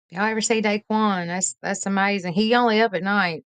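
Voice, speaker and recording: A woman's voice: medium pitch, fairly even intonation, a little fast, clean tone, no echo. A woman, hosting a late-night live stream in a folksy, chatty way and greeting viewers by name.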